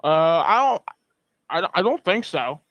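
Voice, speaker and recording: A man's voice: high voice, big pitch swings, measured pace, fairly bright tone, lo-fi sound. A man in his twenties calling in, hesitant and filling his talk with ums and uhs. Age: 20s. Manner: hesitant, many fillers. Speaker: caller.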